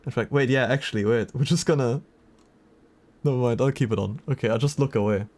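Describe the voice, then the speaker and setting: A man's voice: mid-range voice, brisk, darkish tone. A man streaming live, chatting casually and reacting to messages from his chat.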